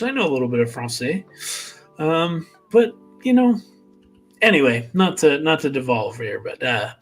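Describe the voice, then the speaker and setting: A man co-hosting a live stream, chatting casually with quick self-deprecating asides. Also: on the high side, fairly bright tone. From United States. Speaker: co-host of a fragrance live stream. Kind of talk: casual chat.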